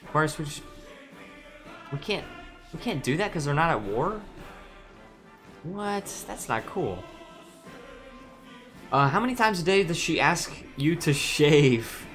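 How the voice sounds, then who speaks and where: A man's voice: on the high side, sing-song, slow, long pauses, a bit bright, faint music behind. A man streaming a strategy game, musing aloud with hesitant restarts while reading chat messages.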